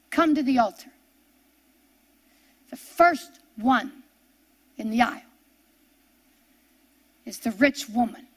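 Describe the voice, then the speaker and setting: Woman preaching, high voice, repeats herself, goes loud then quiet. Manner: repeats words and phrases, dramatic swings from emphatic to hushed. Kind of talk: sermon storytelling.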